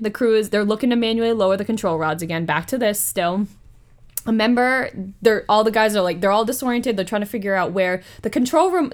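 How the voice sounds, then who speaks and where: This is a woman in the middle of a casual podcast story. Her voice sits at an ordinary pitch for a woman. She tells it in an animated way, swears freely, and breaks off into asides. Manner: profane, animated retelling with asides. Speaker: podcast host.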